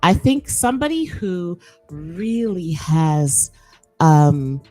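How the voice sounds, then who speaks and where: A woman's voice: fairly low pitch, takes it slowly, faint music behind. A woman hosting a podcast, talking casually and emphatically, often repeating her words. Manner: animated, emphatic, repeats herself. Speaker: podcast host. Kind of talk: casual solo talk on a livestreamed podcast.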